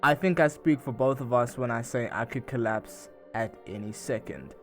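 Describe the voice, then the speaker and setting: Over soft background music, a gaming channel narrator with a medium-pitched voice retells a video game's story at normal speed. He chats loosely, narrating each scene with many "and she goes" asides.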